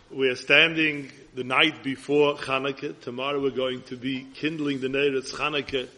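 A man with an Ashkenazi Hebrew pronunciation giving an earnest sermon as a rabbi, his voice husky. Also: medium pitch, steady tone, normal speed, few pauses, sharp tone.

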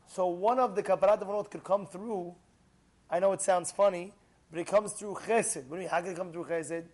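A rabbi giving a Torah lesson, animated and repetitive, acting out little quoted exchanges as he explains. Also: sits high, a little fast. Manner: animated, acts out quotes, repeats phrases.

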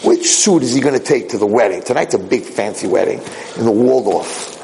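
A man giving a casual, animated Torah talk, telling a parable with quick asides. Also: medium pitch, a little hiss or hum, low-quality recording. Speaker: rabbi lecturer.

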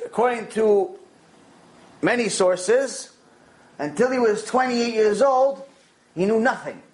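A man with a high-pitched voice delivers a Torah lecture. He tells stories with animation and repeats key phrases to drive them home. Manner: animated storytelling, with repetition for emphasis. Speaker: Torah teacher.

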